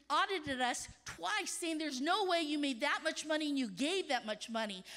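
Animated bright-voiced woman in her fifties. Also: extremely high pitch. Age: 50s. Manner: animated, emphatic, dropping to hushed tones. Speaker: missionary conference speaker. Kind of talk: conference sermon. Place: stage of a large conference hall.

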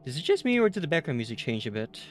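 A man live-streaming a horror game, chatting with his viewers, tired after a night with little sleep, and jumping to loud excitement at the scares. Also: a little high, racing, soft background music.

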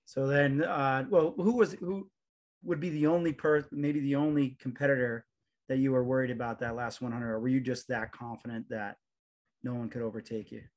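A man with a mid-pitched, ordinary voice leads a casual sports interview. His questions wander and restart as he goes, in a friendly, easy tone. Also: steady tone, moderate pace, a little mellow.

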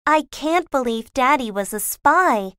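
An earnest, pleading young girl from a storybook, as a male narrator puts her on. The voice sits very high and sounds bright and sharp. It is recorded dry and close. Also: lively intonation, unhurried, clean tone, no room sound, heavily acted. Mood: upset. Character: earnest young girl Roberta, eldest sister.

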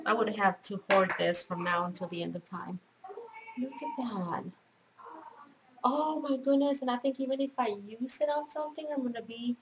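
A woman's voice: on the high side, a little hiss or hum, low-quality recording. A middle-aged woman chatting at home as a craft vlogger, gushing and effusive as she shows off gifts. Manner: gushing, effusive, repeats praise words. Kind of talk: casual unboxing chat.

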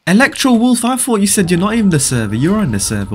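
A man's voice: fairly high pitch, sing-song, brisk, slight background noise. A young man, streaming a game live and reading viewer chat aloud, teasing and bantering with his audience. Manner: joking banter, teasing viewers, frequent laughs.

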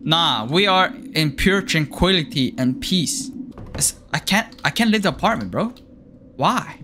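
A man's voice: on the high side, expressive, measured pace, noisy background. A man giving horror game commentary, jumpy and panicky but joking and talking to himself as he plays. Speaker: gaming streamer.

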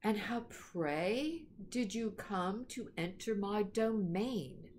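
A woman voicing a cold, imperious queen who is a witch, speaking in a haughty, slow and menacing way while reading a storybook aloud. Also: medium pitch, animated, darkish tone, a little hiss or hum. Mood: impatient.

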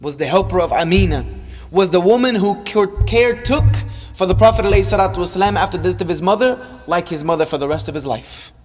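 A man's voice: sits high, quick pace, soft background music. Impassioned preacher man in a reverberant hall. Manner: impassioned, rising and falling, repeats lines for emphasis. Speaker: Islamic preacher. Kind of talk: sermon. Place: large hall or mosque.

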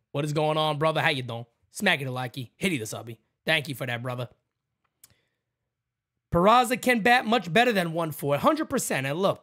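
A man hosting a fan livestream, calling a baseball game pitch by pitch in a casual, excitable way and chatting with viewers between plays. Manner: excitable, jumps to loud calls on big plays. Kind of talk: casual play-by-play with chat shout-outs.

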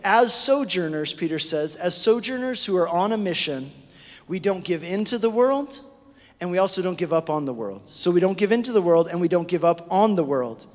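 High-voiced preacher man in a reverberant hall. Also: moderate pace. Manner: animated and conversational, asks the congregation "right?". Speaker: pastor. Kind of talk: sermon. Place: church sanctuary.

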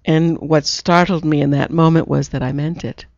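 A woman's voice: low-pitched, steady tone, normal speed, creaky, a little mellow, dry recording. A woman hosting an internet radio talk show, chatting casually with a guest and telling stories in which she acts out quotes. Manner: storytelling, acts out quotes in her own voice. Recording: dull lo-fi internet radio sound.

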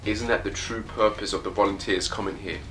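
A man reading as an angry young male comrade from a comic, laying out accusations in a low, pointed voice. Faint music sits in the background. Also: steady tone, a little fast, natural voice. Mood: accusing.

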